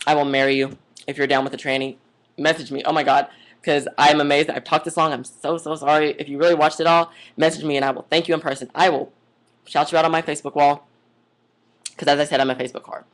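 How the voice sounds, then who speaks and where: A woman's voice: low-pitched, little pitch movement, fast. Young woman, vlogger, rambling, gushing, says like a lot, casual monologue. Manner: rambling, chatty, goes off on tangents.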